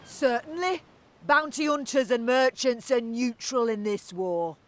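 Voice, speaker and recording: An actress playing a gruff female orc bounty hunter in a video game, curt and threatening. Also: a little high, a little slow, natural voice.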